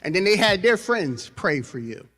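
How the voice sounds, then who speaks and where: Rousing high-voiced man leading a chant. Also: sing-song, moderate pace, a bit bright. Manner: rousing, leads call and response. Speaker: university president. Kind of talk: convocation speech.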